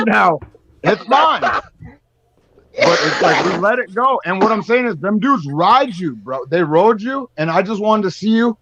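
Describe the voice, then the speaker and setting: Loud excitable man from North Dakota. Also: high voice, normal speed, no room sound, low-quality recording. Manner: loud, excitable, heavy swearing. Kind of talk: casual chat.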